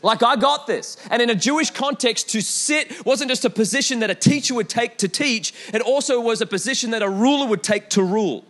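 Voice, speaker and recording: A young man preaching a sermon in an animated way, with repeated calls to the congregation and storytelling asides. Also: very high-pitched, brisk, few pauses. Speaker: pastor.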